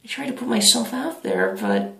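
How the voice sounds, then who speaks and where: A man voicing a whiny, awkward, lonely teenage boy who talks haltingly and repeats himself. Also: high-pitched, huge pitch swings, creaky, sharp tone, roomy sound, voice pushed up, full character voice.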